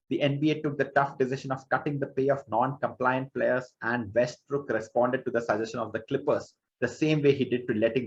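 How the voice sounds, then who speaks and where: Male podcast co-host from India, mid-pitch, halting delivery, muffled audio. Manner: hesitant, restarts often. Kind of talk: casual podcast chat.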